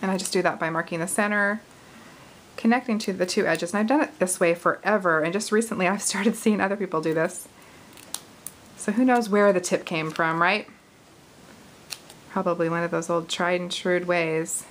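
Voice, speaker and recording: A woman's voice: lowish voice, steady tone, moderate pace, pauses often, a little hiss or hum, rough recording. Chatty woman showing a craft project. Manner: chatty, laughs easily, thinks aloud while working. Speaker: craft video host. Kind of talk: casual card-making tutorial.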